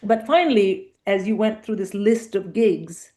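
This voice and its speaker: A middle-aged woman comedian chatting as a guest in a casual interview, telling lively anecdotes and acting out quoted dialogue. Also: mid-range voice, measured pace.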